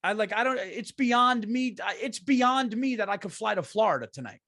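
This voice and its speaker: A man's voice: animated, moderate pace, no echo. Podcast host: middle-aged New guy, foul-mouthed ranter, raised voice, dead-dry booth sound. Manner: profane, swings from loud rants to low muttering. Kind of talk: ranting comedic monologue.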